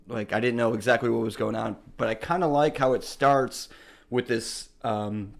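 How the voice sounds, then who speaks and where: Man, podcast host, casual chat, rambling, profane, fillers, mid pitch. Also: steady tone, normal speed, gravelly.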